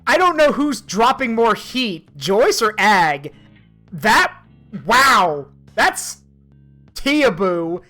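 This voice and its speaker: A woman streaming a game, reading its dialogue aloud and reacting with excitable, profane commentary over faint game music. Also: on the high side, very slow. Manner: excitable, swears and laughs, comments freely.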